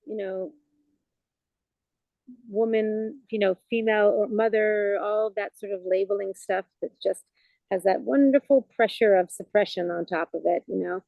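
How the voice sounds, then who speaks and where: A woman's voice: mid-range voice, steady tone, normal speed, creaky, no room sound, phone-quality sound. A woman chaplain talking as a guest in a casual, reflective conversation, searching for words with frequent "you know" fillers.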